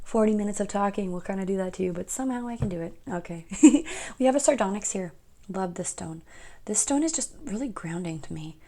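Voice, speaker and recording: A woman's voice: mid-range voice, a little fast, dark tone. A young woman giving a casual pick-a-card tarot reading, chatty and rambling, often laughing at herself.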